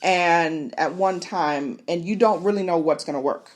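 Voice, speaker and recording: A woman hosting a podcast, recapping an episode in a casual, animated way, laughing and exclaiming as she goes. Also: on the low side, unhurried. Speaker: podcast host.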